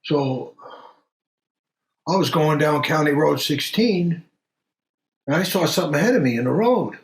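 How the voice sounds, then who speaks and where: A man's voice: on the high side, animated. Guy doing a laid-back country doctor spinning a weird story, lots of uhs, echoey room. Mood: steady recounting. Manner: unhurried, halting storytelling with many pauses and fillers. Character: middle-aged male country doctor, calm storyteller. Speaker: actor playing a country doctor. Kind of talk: audio drama acting.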